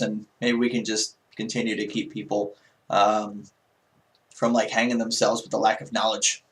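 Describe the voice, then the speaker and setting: A man giving a casual, emphatic political rant on his own video show, full of rhetorical questions. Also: medium pitch.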